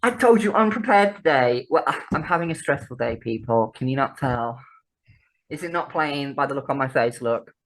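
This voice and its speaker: A woman's voice: extremely low pitch, normal speed. A woman, co-hosting a podcast in casual chat, laughing often, swearing freely and bantering. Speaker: podcast co-host.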